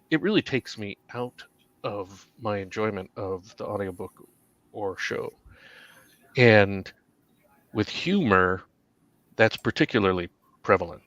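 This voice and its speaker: A man who is an author, talking on a podcast panel in a measured, thoughtful way with dry humor. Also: on the low side, a bit bright, dry recording. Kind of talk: casual round-table chat. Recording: dry, dull lo-fi sound.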